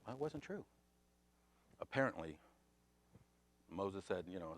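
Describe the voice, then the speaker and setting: An American man teaching a Sunday school Bible class, swinging between loud emphatic questions and quiet asides. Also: low-pitched, sing-song, unhurried.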